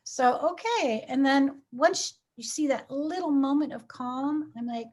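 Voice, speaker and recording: A woman's voice: sits high, a little slow, few pauses, darkish tone. A woman who teaches preschool and works as a hypnotherapist, chatting casually, acting out voices in her stories and laughing often. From United States. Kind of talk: casual chat.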